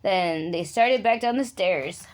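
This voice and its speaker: A woman's voice: fairly low pitch, slow. A woman reading a children's storybook aloud in a casual way, slipping in chatty asides.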